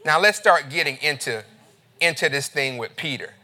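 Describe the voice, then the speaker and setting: A pastor preaching a sermon in a relaxed, conversational way, reading scripture aloud and speaking to his listeners as family. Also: on the high side, normal speed.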